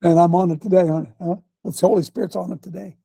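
A man preaching a fiery sermon, folksy and combative, with slang and sudden shouts. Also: sits high, steady tone, fast talker, vocal fry, no echo. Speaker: pastor.

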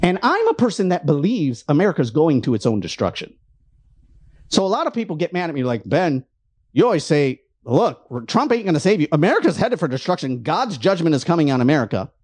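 A man's voice: fairly high pitch, very animated, brisk, darkish tone. Guy ranting hard on his show, preachy and fired up, voice swinging all over. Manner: fervent, preachy, frustrated. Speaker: host. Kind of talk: impassioned political rant.

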